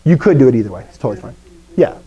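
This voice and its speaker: A man's voice: medium pitch, very animated, racing, dark tone, husky, muffled recording. A man from the American South teaching a Greek class, chatty and playful, with lots of asides. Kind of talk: classroom lecture.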